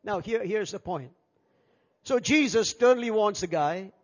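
High-voiced man preaching in an echoing hall. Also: unhurried. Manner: animated preaching, acts out quoted people. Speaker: pastor. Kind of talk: sermon. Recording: dull sound with long hall reverb.

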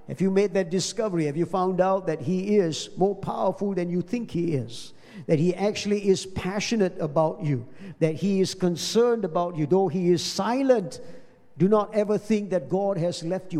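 A man's voice: high-pitched, lively intonation, moderate pace, dark tone. A man preaching a sermon, asking the congregation rhetorical questions. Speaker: pastor. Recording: long hall reverb.

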